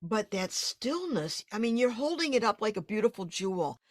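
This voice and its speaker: A woman hosting an interview, speaking in a warm, affirming and thoughtful way. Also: mid-range voice, big pitch swings, moderate pace, no room sound, studio quality. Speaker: podcast host. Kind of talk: interview conversation.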